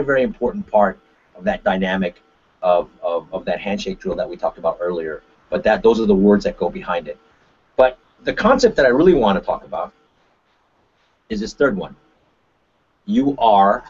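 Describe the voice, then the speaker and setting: A man, a martial arts instructor, giving a webinar talk with lively examples and frequent "right?" tag questions. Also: mid-range voice, husky. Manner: animated, acts out examples with shifting voices. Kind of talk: webinar presentation. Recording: dull lo-fi webinar audio.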